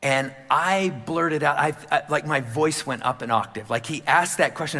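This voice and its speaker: A man preaches from the pulpit in a bright, forceful voice pitched a little high. He talks candidly and conversationally, with many fillers. His words trail off into a long reverb that fills the church sanctuary. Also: moderate pace, few pauses, soft background music. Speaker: pastor. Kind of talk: sermon.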